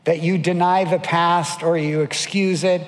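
A man's voice: a little high, flat delivery, unhurried, in a large hall. A male pastor preaching a sermon, telling stories and acting out the voices of the people in them, often asking the audience questions. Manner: storytelling, acts out quoted voices, asks the audience questions.

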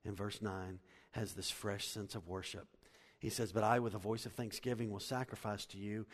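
A middle-aged male pastor preaching a sermon, animated, swinging from loud to hushed. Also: fairly low pitch. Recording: long hall reverb.

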